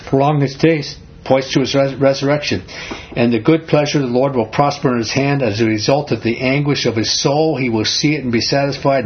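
A man's voice: mid-range voice, breathy edge. A man leading an interactive Bible study, reading scripture aloud and putting questions to his group. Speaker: Bible teacher. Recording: dull lo-fi recording.

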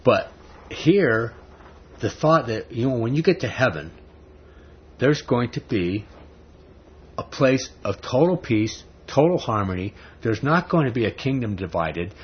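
Unhurried and sing-song, a medium-pitched man with a breathy edge delivers a conversational sermon that climbs to emphatic rhetorical questions. The recording is dull and lo-fi, with faint noise behind him.

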